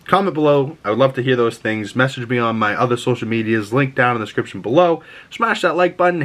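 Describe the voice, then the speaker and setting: A man's voice: medium pitch, a bit bright. Laid-back man chatting through a movie review. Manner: laid-back, chatty, swears and laughs often.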